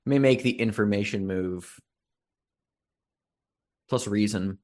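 Slow, deliberate man narrating a game. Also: on the low side, a little mellow. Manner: slow, deliberate storytelling with dramatic pauses. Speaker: game master. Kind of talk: narrating a tabletop role-playing game.

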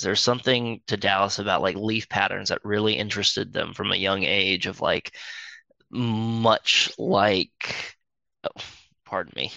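A man's voice: lowish voice, creaky, bright, forceful tone, no echo. A man narrating an improvised character backstory in a rambling way, with many fillers and self-corrections, recorded with a dull lo-fi sound.

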